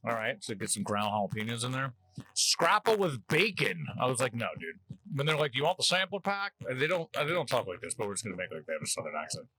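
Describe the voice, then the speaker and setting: A man's voice: lowish voice, very animated, fast talker, pushed and bright, rough recording. A man from New Jersey hosting a casual food-tasting vlog, chatty and wry as he jokes between bites. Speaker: host.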